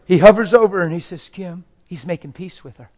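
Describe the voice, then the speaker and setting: Man, preacher, emotional testimony, dramatic storytelling, slightly high voice. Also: quick pace, heavy background noise.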